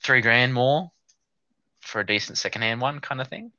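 Young Australian man, bright, sharp voice, dry close sound, rambling casual anecdote. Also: mid-range voice, moderate pace, no echo. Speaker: podcast co-host. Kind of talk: casual storytelling chat. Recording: dull lo-fi sound.

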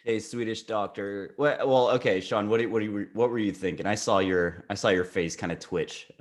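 Low-voiced joking man on a podcast. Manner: playful, teasing, quick to crack jokes. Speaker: podcast co-host. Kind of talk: joking casual banter.

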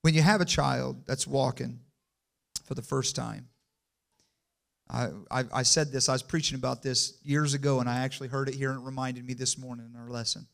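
A man preaching a sermon in church, calling for amens and building from quiet to loud and emphatic. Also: medium pitch, fairly even intonation, fairly quick, vocal fry. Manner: call-and-response, asks the congregation for amens.

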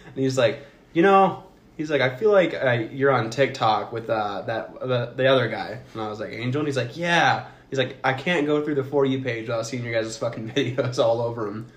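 A man's voice: mid-range voice, steady tone, fairly quick, reverberant. A young man co-hosting a podcast, chatting casually, joking and laughing as he tells stories. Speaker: podcast co-host. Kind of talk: casual chat.

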